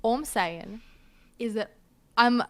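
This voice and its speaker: A woman's voice: medium pitch, moderate pace, fairly bright tone, natural voice. A woman voicing a brash, sassy female mermaid islander who curses, brags, and lets her accent wander between British, Australian and American. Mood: boastful. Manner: brash, cursing, full of herself.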